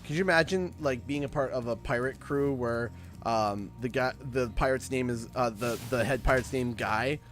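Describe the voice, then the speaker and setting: With faint music playing behind him, a Canadian man livestreams a video game, chatting and rambling and occasionally letting out abrupt loud shouts. He speaks at normal speed in a medium pitch.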